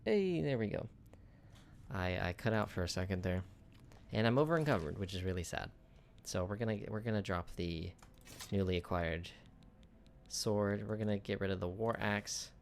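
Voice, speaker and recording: A man's voice: deep voice, moderate pace, creaky, slight background noise. A man chatting casually through a video game, joking with the enemies he fights. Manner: chatty, jokes with on-screen enemies. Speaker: gameplay streamer. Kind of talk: casual gameplay commentary.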